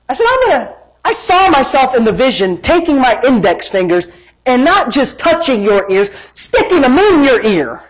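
A man preaching a sermon, telling a story with laughter and shouted emphasis. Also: very high voice, sing-song, moderate pace, husky, low-quality recording.

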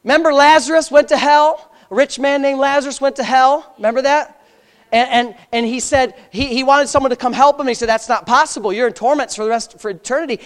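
A man preaching a sermon in church. He repeats phrases, fires rhetorical questions at the congregation, and swings from loud high-pitched exhortation to low, quiet storytelling. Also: steady tone, fairly quick.

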